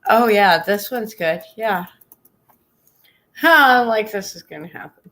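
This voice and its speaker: A woman's voice: mid-range voice, lively intonation, takes it slowly, fairly bright tone. A woman live-streaming in casual chat, often laughing through her words.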